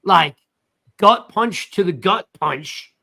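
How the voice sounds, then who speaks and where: Animated high-voiced sports show host. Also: male voice, slow pace, creaky. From South Jersey. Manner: animated, reads chat shout-outs. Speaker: podcast host. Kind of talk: casual sports talk livestream.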